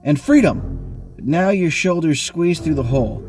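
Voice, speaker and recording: A man hosting an online game, reading a choose-your-own-adventure book aloud with animated bursts of speed and sudden pitch jumps. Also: unhurried, faint music behind. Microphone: online voice call.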